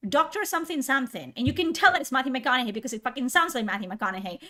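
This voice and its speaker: High-pitched swearing woman streaming, super lively, frustrated with her chat. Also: very fast. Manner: exasperated, swears a lot. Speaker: live streamer. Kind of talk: casual livestream chat.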